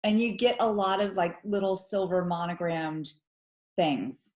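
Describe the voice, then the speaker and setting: A woman in her forties from Georgia, with a Southern accent, is a guest in a casual interview chat, laughing easily. Her voice is fairly low, measured, and a little mellow, coming through a video call from an echoey room.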